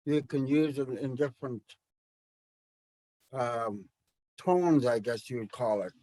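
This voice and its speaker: A man's voice: mid-range voice, slow, dark tone, dry recording. A man teaching a language class to educators, speaking thoughtfully with many fillers and restarts. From Canada.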